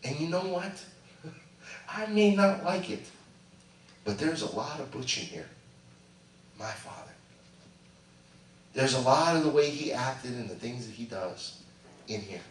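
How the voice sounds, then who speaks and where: A middle-aged male pastor preaching a sermon, swinging between loud animated bursts and hushed asides. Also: mid-range voice, unhurried, pauses often, slight background noise. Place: church sanctuary. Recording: echoey church sound from a distant mic.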